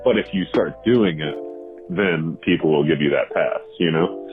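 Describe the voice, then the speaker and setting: A man's voice: very deep voice, moderate pace. A man who does stand-up, talking reflectively in a casual phone chat and often saying "you know.". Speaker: stand-up comedian. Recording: tinny phone line with music behind.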